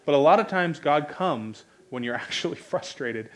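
A man in his thirties with an American accent, preaching a sermon in a conversational, joking way that rises to loud, emphatic bursts. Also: a little high, animated, moderate pace.

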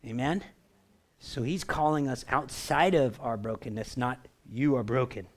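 A man preaching a sermon in a relaxed, conversational way, often checking in with the congregation. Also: mid-range voice, measured pace. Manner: animated, conversational, asks the crowd for response. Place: church.

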